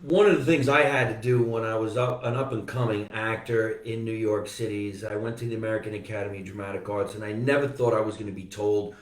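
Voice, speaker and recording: A fairly low-voiced man with a New Jersey accent, hosting a comedy podcast in a loose, joking way. His voice bounces around an echoey basement room. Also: fairly even intonation, fast talker, few pauses, distant mic. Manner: loud, joking, swearing storyteller. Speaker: podcast host. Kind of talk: casual comedy chat.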